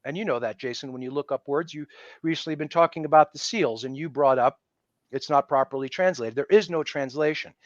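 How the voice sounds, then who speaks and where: A man with a high-pitched voice talks as a guest in a casual interview. He is emphatic and animated, and he slips into the voices of the people he quotes. The sound is dry and slightly dull, like a lo-fi recording. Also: brisk, dry recording. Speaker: podcast guest.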